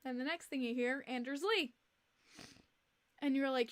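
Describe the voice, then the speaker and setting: A young woman hosting a podcast livestream, chatting casually in an animated, exasperated way and repeating herself, with many fillers. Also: sits high, a little slow. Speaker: podcast host.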